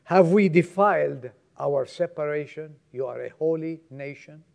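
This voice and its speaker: Gravelly, high-voiced male preacher. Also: measured pace. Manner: emphatic, swings from raised exhortation to low quiet asides. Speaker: pastor. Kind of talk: sermon.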